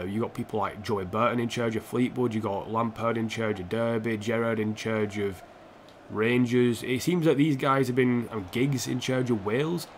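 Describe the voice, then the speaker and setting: A man's voice: medium pitch, a little hiss or hum. A man streaming a football video game, commenting casually on the match while chatting to viewers and poking fun at himself. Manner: chatty, self-mocking, reacts to the match and answers chat. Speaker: streamer playing a football career mode.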